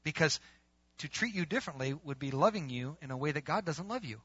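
A man's voice: a little high, a little fast, breathy edge, no room sound. A male pastor preaching a conversational sermon, acting out bits of dialogue. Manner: animated, conversational, acts out dialogue. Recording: muffled, dry lo-fi recording.

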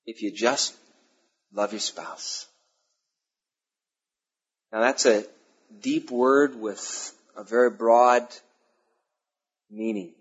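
Man, pastor, sermon, husky, emphatic repetition, muffled lo-fi sound. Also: mid-range voice, animated. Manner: emphatic preaching with repeated phrases and pauses. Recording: dull lo-fi sermon recording.

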